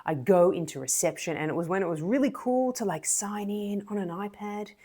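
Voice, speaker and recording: Animated Australian woman telling a story. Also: medium pitch, fairly quick, husky. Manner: animated, expressive storytelling with quoted dialogue. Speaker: speaker and communication coach. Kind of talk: storytelling to camera.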